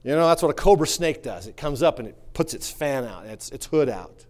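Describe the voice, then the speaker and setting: A male pastor preaching a sermon, swinging from quiet musing to fervent shouting. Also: mid-range voice, animated, brisk.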